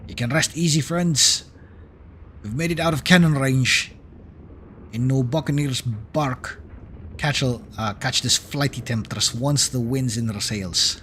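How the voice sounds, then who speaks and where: A man voicing a chatty, worldly male sea traveler from a game, with a gruff, drawling put-on accent. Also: mid-range voice, unhurried, a bit bright, a little hiss or hum, lightly acted. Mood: relieved. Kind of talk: reading game dialogue aloud in character. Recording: game music clearly behind. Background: game music.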